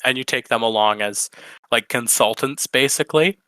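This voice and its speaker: A man narrating and explaining scenes as game master in a tabletop game, relaxed and easygoing. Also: mid-range voice, a little fast, clear, resonant tone, dry recording. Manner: relaxed, explanatory, laughs easily.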